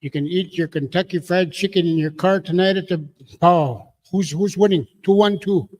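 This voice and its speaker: A man emceeing a community meeting, calling out draw numbers slowly with jokes. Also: high voice, a little mellow. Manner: jokey, drawn-out number calling.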